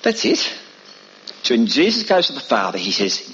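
A man's voice: huge pitch swings, normal speed, pauses often, sharp tone, dull audio. A man preaching a sermon, emphatic and full of rhetorical questions. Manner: emphatic, rhetorical questions, dramatic pitch swings.

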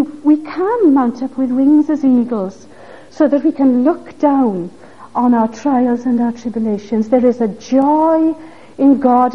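Earnest woman preaching, high and husky. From Wales. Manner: earnest, pleading rhetorical questions. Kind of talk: sermon. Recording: dull lo-fi recording.

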